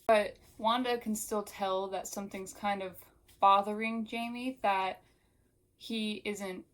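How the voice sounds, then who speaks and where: A woman's voice: medium pitch, fairly even intonation, slow, low-quality recording. A woman giving a casual, chatty book recap with lots of filler words, talking straight to the viewer and reading passages aloud. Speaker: book reviewer.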